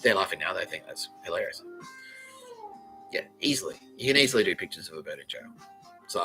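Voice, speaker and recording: Profane, giggly Australian man with a lively voice. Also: fast, faint music behind, rough recording. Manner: profane, giggling, wildly swinging pitch. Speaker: podcast host. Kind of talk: rambling comedic monologue.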